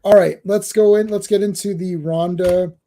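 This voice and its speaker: A man's voice: high-pitched, fairly even intonation, moderate pace, dark tone. A man hosting a casual podcast chat, rambling and repeating words as he goes. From Canada. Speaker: podcast host.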